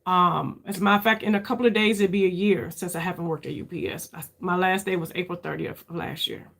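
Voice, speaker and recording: A woman in her fifties, a beauty creator, talking candidly and searchingly straight to her viewers in a casual chat, often calling them "y'all" and rising in pitch for emphasis. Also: steady tone, quick pace, gravelly, fairly bright tone. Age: 50s.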